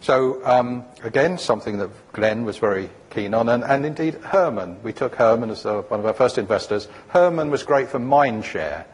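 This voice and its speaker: A man's voice: medium pitch, animated, normal speed, hardly any pauses, a little hiss or hum. A man giving a conference talk about founding a company, rambling and anecdotal, full of fillers and restarts.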